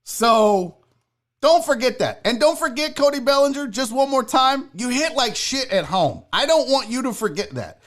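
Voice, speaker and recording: A man hosting a solo sports talk show, ranting loudly and mockingly with lots of swearing. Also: very high-pitched, sing-song, normal speed. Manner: loud, mocking, profane ranting.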